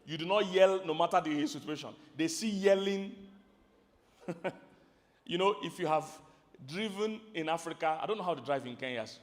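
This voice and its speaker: A man with a Nigerian accent preaching a sermon to a congregation, emphatic, swinging between loud calls and low asides and quizzing the crowd. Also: moderate pace, long reverb tail. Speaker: pastor. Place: large church hall.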